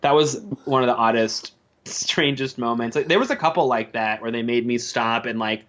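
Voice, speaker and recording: A man as a podcast guest, telling lively stories in casual chat and often laughing. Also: medium pitch, moderate pace. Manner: animated, laughs often, acts out quoted coworkers. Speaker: podcast guest, former video editor.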